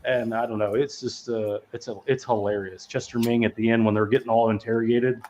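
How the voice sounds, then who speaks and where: A man's mid-range, slightly mellow voice comes through fairly quick and level in tone over a little hiss or hum. As a podcast host, he chats about movies in a rambling, foul-mouthed way, laughing often and full of fillers and restarts, on dull lo-fi audio.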